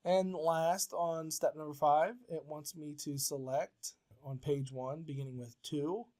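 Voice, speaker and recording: A male professor's voice, fairly high with a darkish tone and mostly even intonation, carries an unhurried word processing tutorial. He explains each step patiently and plainly, using frequent filler sounds along the way.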